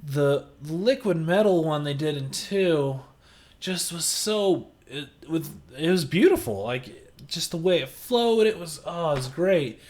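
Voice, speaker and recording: A man with a fairly high voice talks through a film review in a casual vlog. He speaks slowly and haltingly, breaking off mid-thought. His tone is blunt and exasperated. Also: animated, a little mellow.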